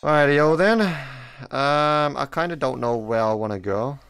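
A man's voice: mid-range voice, takes it slowly, fairly bright tone. Chatty young man commenting on gameplay. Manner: chatty, jokey, laughs often at teammates and enemies. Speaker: mobile gaming YouTuber. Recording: music playing faintly behind.

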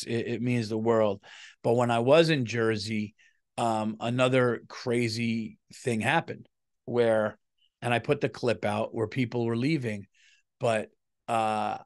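A middle-aged man, a comedian hosting his own podcast, telling a story in a loose, rambling monologue, swearing freely and restarting sentences as he goes. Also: medium pitch.

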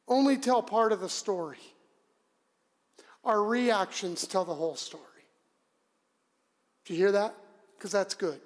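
A male pastor with a high-pitched voice speaks slowly and pauses often in a conversational sermon in a church sanctuary. His preaching is dramatic, with sudden loud emphasis, and the recording has a long church reverb.

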